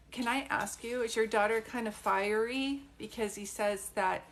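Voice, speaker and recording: A woman's voice: medium pitch, a bit bright. A woman doing a psychic reading on a live stream, chatty and reassuring, with many fillers and restarts. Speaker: psychic medium.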